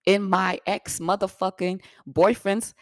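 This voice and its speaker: A young woman from Africa hosting a podcast, telling a story in a blunt, profane, animated way. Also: medium pitch, unhurried, no echo, studio quality. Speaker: podcast host. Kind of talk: casual storytelling.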